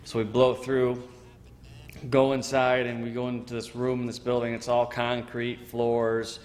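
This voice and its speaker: A man's voice: mid-range voice, measured pace, big-room sound. A man in his forties from Michigan, a veteran telling his story in an oral history interview, acting out what people said and saying "you know" a lot. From Michigan, USA. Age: 40s. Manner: animated storyteller who acts out quotes and says "you know" often.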